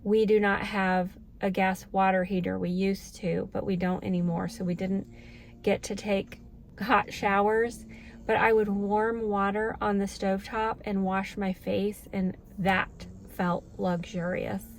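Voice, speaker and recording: A woman's voice: mid-range voice, level tone, a little slow, slight background noise. A middle-aged woman vlogging in a casual, earnest, heartfelt way to her viewers. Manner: earnest, heartfelt, emotional at moments. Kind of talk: casual talk to camera.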